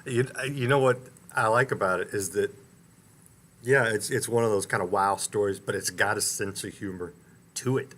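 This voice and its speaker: Low-voiced male talk-show host. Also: normal speed, fairly bright tone. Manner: curious, easily amused questioner. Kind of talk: interviewing a guest.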